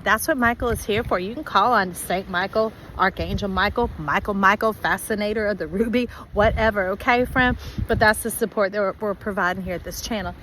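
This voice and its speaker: A woman giving a spiritual tarot reading to her viewers, animated and playfully acting out their voices. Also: medium pitch, a little hiss or hum, low-quality recording. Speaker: tarot reader.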